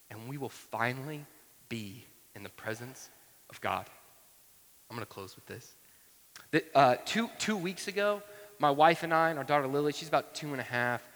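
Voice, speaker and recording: Pastor in his 30s, bright forceful tone, chatty storytelling sermon, big hall reverb. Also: medium pitch. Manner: conversational storytelling, frequent asides. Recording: long reverb from a large hall.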